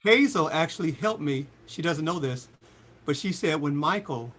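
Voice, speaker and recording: A man in his sixties telling stories as a guest in an interview, acting out the quotes in a lively voice. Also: normal speed, slight background noise. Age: 60s. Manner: lively storyteller, voices quotes with big pitch jumps. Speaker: singer and guest. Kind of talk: animated storytelling interview.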